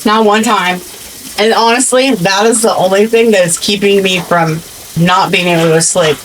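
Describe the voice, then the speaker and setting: A woman's voice: fairly low pitch, fairly bright tone, slight background noise, rough recording. A woman in her fifties from the American Midwest, chatting casually and sarcastically while doing chores in her kitchen. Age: 50s. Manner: sarcastic, chatty storyteller with frequent restarts. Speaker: vlogger. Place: home kitchen.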